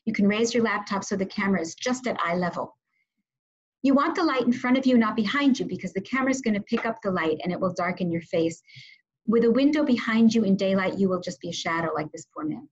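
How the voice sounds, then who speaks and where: Woman giving a breathy, lo-fi webinar talk. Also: mid-range voice, a little mellow. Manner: instructive, measured, with frequent ums. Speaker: webinar presenter, media trainer. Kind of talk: webinar presentation with slides.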